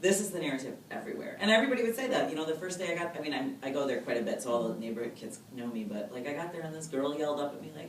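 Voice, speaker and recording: A woman in her thirties tells stories from her fieldwork at a brisk pace, heavy on fillers and little re-enacted quotes. She sounds set back from the mic in a roomy space with a faint hiss underneath. Her pitch sits in an ordinary middle range. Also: animated. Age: 30s. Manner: chatty, fast, full of fillers and quoted dialogue. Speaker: researcher guest. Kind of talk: casual conversational interview. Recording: roomy audio, mic a bit distant, faint noise.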